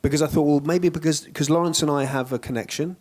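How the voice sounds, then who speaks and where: An actor speaking in a casual onstage Q&A, chatty and self-deprecating, often breaking into laughter. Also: male voice, a little high, fairly even intonation, quick pace, darkish tone. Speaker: actor guest on a panel.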